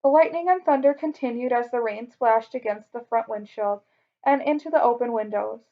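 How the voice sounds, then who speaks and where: A woman reading a children's story aloud in a clear, expressive way. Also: on the high side, normal speed. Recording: dull lo-fi recording.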